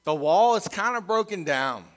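Animated, conversational man preaching a sermon. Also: high voice, normal speed, long reverb tail. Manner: conversational, animated, acts out quoted voices. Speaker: pastor.

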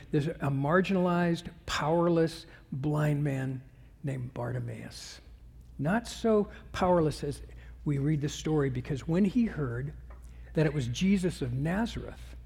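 Pastor man preaching, high-ish breathy voice, big church reverb. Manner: animated storytelling, acting out scenes. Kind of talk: sermon.

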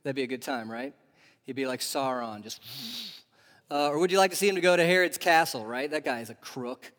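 A man preaching a sermon in a lively, animated way, putting question after question to his listeners. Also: medium pitch, fairly quick. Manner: animated, asks the audience questions. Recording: long reverb of a large hall.

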